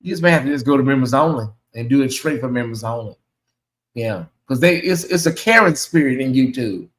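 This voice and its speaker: Chatty animated man, echoey room. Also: medium pitch, fairly quick. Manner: chatty, animated, reacts aloud to comments. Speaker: channel host. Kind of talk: casual livestream chat reading chat messages.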